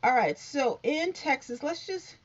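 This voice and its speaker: A woman's voice: high voice, big pitch swings, unhurried. A woman hosting a casual news vlog, reading headlines aloud and adding chatty asides to her viewers. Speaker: YouTube covid news host. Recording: dull lo-fi sound.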